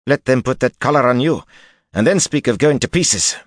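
A man's voice: fairly low pitch, animated, fairly quick, no room sound, studio quality, pitched above the performer's own voice, close to an everyday voice. A man voicing a haughty, displeased sorceress woman who speaks coolly and gives orders in an audiobook. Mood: scornful. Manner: cool and clipped, commanding.

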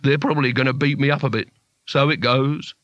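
A resigned old dwarf jeweller mutters in a slow, world-weary murmur, as a man does the voice in a storybook reading. The sound is dry and close, bright in tone. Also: medium pitch, steady tone, dry recording, dull audio, lightly acted.

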